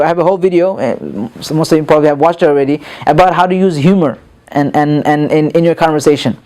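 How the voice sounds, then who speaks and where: A man with a high-pitched, darkish voice teaches informally as an instructor. He rambles and repeats words, plugs pauses with "you know," and acts out quoted examples.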